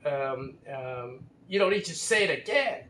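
A man voicing an angry tall man who bitterly shouts back defensively. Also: mid-range voice, flat delivery, drawn-out words. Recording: roomy with faint ambient noise.

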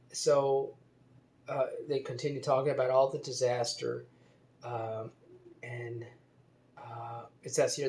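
A man in an unhurried solo monologue, stopping often on ums and uhs. He hedges his facts, spells out names letter by letter and reads a news story aloud. His pitch sits at a middling level for a man.

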